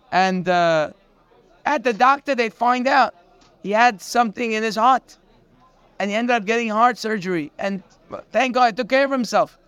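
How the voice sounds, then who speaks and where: A man giving a daily morning Torah class, telling the story in an animated way and dropping in Hebrew terms. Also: sits high, clear, resonant tone, dry recording. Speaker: Torah teacher.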